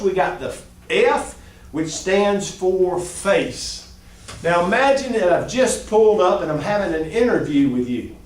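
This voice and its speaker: A middle-aged man teaching a job-skills class in an animated way, his voice swinging up and down. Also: sits high. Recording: echoey room, distant mic.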